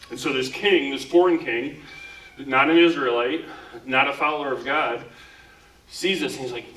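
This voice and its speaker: A male pastor delivering a relaxed, conversational sermon, peppering his talk with "like." His voice is bright and forceful, and it rings through a roomy church space, picked up from a little away from the mic. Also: medium pitch, moderate pace, far from the mic. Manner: casual, talks with frequent "like" fillers. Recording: echoey room, speaker away from mic.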